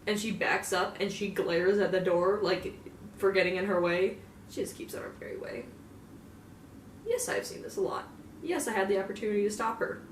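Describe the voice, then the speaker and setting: A woman's voice: mid-range voice, steady tone, brisk, a little hiss or hum. A young woman in a casual, profane in-character monologue, rambling with lots of filler words. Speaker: fan roleplayer. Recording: roomy, distant mic, faint ambience.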